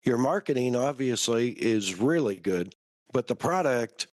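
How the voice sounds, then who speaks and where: A man hosting a podcast, chatting in a relaxed, conversational way. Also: medium pitch, unhurried, no echo. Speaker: podcast host. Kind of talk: casual podcast chat.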